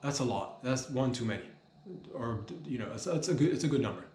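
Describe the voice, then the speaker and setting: A man's voice: lowish voice, brisk. A man hosting a comedy podcast, rambling in a mock-serious, slangy way. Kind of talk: rambling deadpan comedy monologue. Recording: roomy echo with faint noise.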